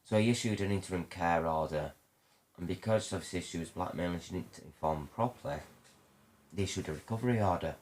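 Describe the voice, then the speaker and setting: A man, telling a painful personal story in a halting, emotional way. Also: deep voice, darkish tone. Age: 30s. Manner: emotional, halting, many restarts. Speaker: podcast guest.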